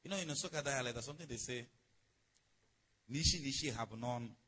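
A man's voice: mid-range voice, brisk, bright, forceful tone, slight background noise, low-quality recording. A man preaching a sermon in a conversational way, calling on the congregation to respond. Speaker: pastor.

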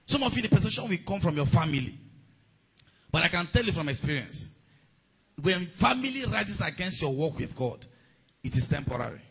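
High-pitched, husky preacher man. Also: big pitch swings, brisk, poor audio. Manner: preaching with call-and-response, rising to shouts. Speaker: pastor. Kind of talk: sermon.

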